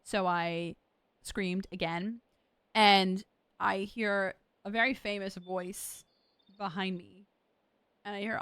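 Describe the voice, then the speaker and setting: A young woman streaming a video game live, chatting casually to her viewers with excitable, loud outbursts. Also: medium pitch, takes it slowly, smooth, dry recording. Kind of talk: casual live-stream chat while gaming. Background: game music.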